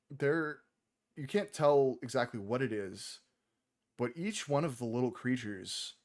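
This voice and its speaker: A man narrating as game master of a tabletop game, relaxed, with many ums and uhs. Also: mid-range voice.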